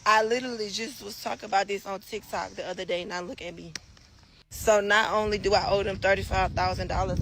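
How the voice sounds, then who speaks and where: A woman telling a profane story to her followers, brash and fast, cursing freely. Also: a bit bright, a little hiss or hum. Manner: brash, cursing, acts out phone call in high voice. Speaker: social media poster in played clips.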